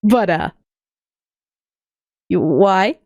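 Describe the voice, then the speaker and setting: A woman streamer giving casual, foul-mouthed commentary while playing a game, animated and arguing with the characters. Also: mid-range voice, drawn-out words, no room sound, lo-fi sound. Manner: animated, profane, argues with the characters.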